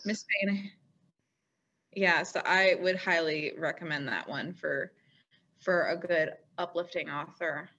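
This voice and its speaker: A woman co-hosting a library podcast who runs a book group, chatting casually with quick, animated reactions. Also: on the low side, lo-fi sound. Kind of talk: casual chat.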